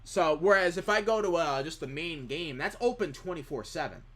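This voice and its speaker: A man's voice: on the high side, expressive, normal speed, fairly bright tone. A man streaming live, chatting casually in a rambling way as he reads chat questions aloud and answers them.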